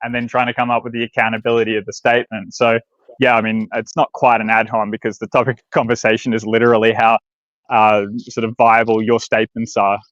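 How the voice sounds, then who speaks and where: A man's voice: on the low side, flat delivery, fast, fairly bright tone, no echo, lo-fi sound. A man in a heated online call debate, mocking and combative. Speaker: debate participant.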